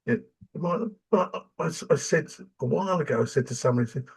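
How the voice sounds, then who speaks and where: An older man from England, chatting casually as a podcast host and telling animated stories. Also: on the high side, fast talker, creaky, breathy edge. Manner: animated storyteller, acts out quoted voices. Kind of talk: casual chat.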